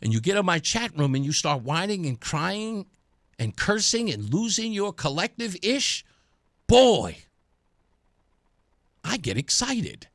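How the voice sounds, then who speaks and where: A man hosting a conservative talk radio show, taunting and combative, getting loud and excited as he goes. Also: high voice, measured pace, pauses often, dry recording, clean studio sound. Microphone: studio microphone.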